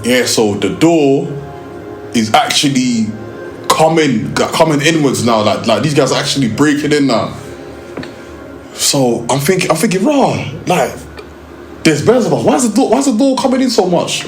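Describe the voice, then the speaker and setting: A young man with a London accent tells a lively, slang-heavy story from his work filming music videos. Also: a little high, normal speed, roomy sound. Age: young adult. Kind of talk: storytelling interview.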